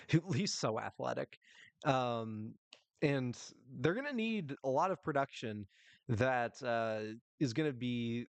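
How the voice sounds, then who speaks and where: A man's voice: mid-range voice, no room sound. A young man hosting a solo sports podcast, talking casually and rambling, with lots of ums and small laughs. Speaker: podcast host.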